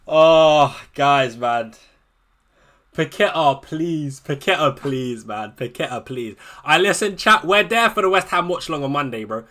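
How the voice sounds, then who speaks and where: A man's voice: fairly high pitch, lively intonation, slow pace, sharp tone. A man streaming live to his viewers, anxious and swearing, repeating himself as he talks things over with chat. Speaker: fantasy football streamer.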